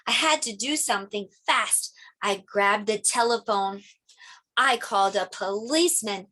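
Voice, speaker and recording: A middle-aged woman who teaches preschool reads a picture book aloud to young children. Her voice is medium-pitched and unhurried, and she reads animatedly, playing sound effects.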